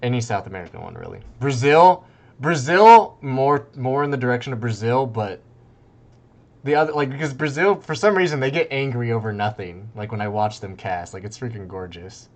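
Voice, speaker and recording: A young man casting a strategy game tournament in a loose, rambling way, breaking into excited outbursts and laughter. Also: medium pitch, brisk. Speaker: tournament caster. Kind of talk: casual game commentary.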